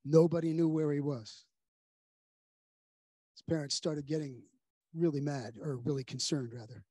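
A man preaching a sermon as a pastor, telling a story earnestly and dropping to a soft hush at its grave moments. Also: on the high side, steady tone, a little slow, slightly rough, no echo. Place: church sanctuary.

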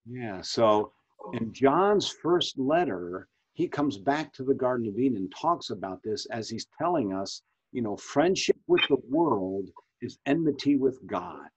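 A pastor in his fifties leads a Bible study over a video call, talking casually and putting questions to the group. His voice is a bit husky, and the muffled, lo-fi call audio dulls it further. He often stops and restarts his sentences. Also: mid-range voice, lively intonation, unhurried. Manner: conversational, asks questions, frequent restarts. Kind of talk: leading a Bible study discussion.

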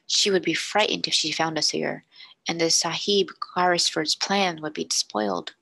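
A woman's voice: deep voice, very animated, normal speed, gravelly, bright, forceful tone, husky, dry recording, exaggerated voice. A woman voicing a cautious young male secretary who whispers anxiously. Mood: nervous whisper.

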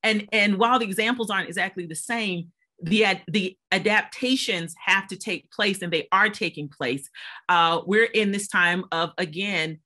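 A woman speaking as a panelist and former volunteer, telling animated stories from her service over a video call. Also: mid-range voice, normal speed. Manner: animated storytelling, laughs while telling. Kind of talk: panel discussion recollection.

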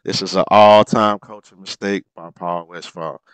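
Deep and steady, a man's voice comes through clean and echo-free at a moderate pace. He narrates a replay of an old basketball game like an excited play-by-play caller, informal, clipping verb endings, full of exclamations and chuckles at the blunders.

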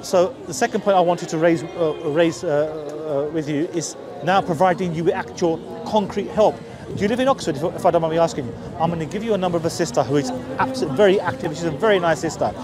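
Over music and the noise of a busy city street, a Cockney man from East London preaches outdoors at a quick pace in a fairly high voice. This street preacher is earnest and persuasive, repeating himself and often restarting his sentences.

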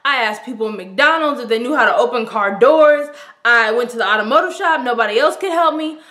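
A woman's voice: a little high, expressive, a little fast, fairly bright tone, reverberant. A young woman telling a story-time vlog, dramatic and breathless, with "like" all over her speech. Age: young adult. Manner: breathless and dramatic, heavy use of "like". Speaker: vlogger.

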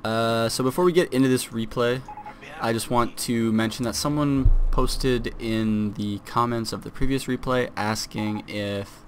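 A man's voice: medium pitch, steady tone, a little slow, slight background noise. A young man giving casual, self-deprecating commentary on a strategy game replay, with fillers and restarts.

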